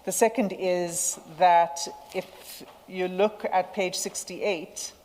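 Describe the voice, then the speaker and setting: A woman, legal counsel making formal submissions at a hearing, citing page and paragraph numbers in a measured way. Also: on the low side, steady tone, a little mellow. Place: large hearing room. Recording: echoey hearing room with faint hum.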